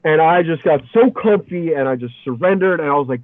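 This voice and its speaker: A man from the Philadelphia area, a podcast guest, telling a trip story in a casual, animated way, swearing a lot and saying "dude" and "like" all the time. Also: a little high, fast talker, hardly any pauses, no room sound. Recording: tinny phone-like sound, dry.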